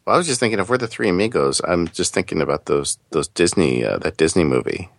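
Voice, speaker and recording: A man's voice: low-pitched, quick pace, vocal fry, no room sound. A man joining a podcast roundtable as a guest, talking playfully. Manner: playful, lively. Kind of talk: casual roundtable chat.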